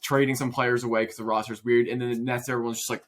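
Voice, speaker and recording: Fast-talking young man making sports points. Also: mid-range voice, flat delivery, crowd noise. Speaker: podcast co-host. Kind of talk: casual sports chat.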